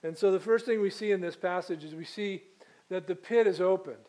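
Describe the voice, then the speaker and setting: A man's voice: sits high, brisk, warm tone, rough recording. A man preaching a sermon, reading scripture aloud and then explaining it with asides and small slips. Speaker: pastor.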